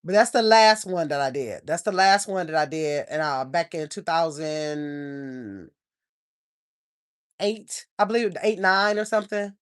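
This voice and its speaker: A woman's voice: low voice, a little slow, clean tone. An older woman, hosting a casual livestream, rambling and chatting with viewers. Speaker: channel host.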